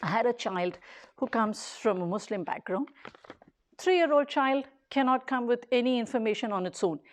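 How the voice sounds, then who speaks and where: A woman with a high voice gives an earnest public talk. She speaks in short, emphatic phrases and repeats key points as she builds her case. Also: expressive, normal speed. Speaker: daycare leader.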